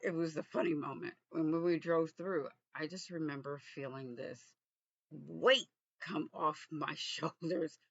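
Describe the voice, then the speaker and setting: A man from Texas, vlogging in a reflective, halting way with frequent restarts. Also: fairly high pitch, steady tone, gravelly, a bit bright, husky, no room sound, muffled recording. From Texas, USA. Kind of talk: casual personal vlog.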